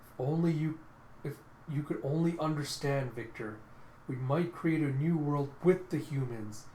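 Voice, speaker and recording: A man voicing a cold, determined young female cyborg warrior who speaks quietly and gravely. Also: on the high side, unhurried, a little hiss or hum, natural voice. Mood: sorrowful. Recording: echoey room.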